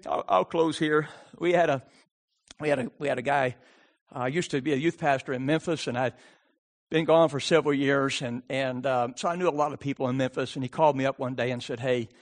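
A man preaching a sermon, swinging from shouted pleading to hushed storytelling. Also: mid-range voice, steady tone, fairly quick. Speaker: pastor.

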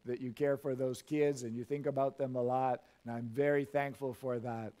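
A man's voice: on the high side, darkish tone. A middle-aged male pastor preaching a sermon in a church, reading scripture and making folksy asides with frequent chuckles.

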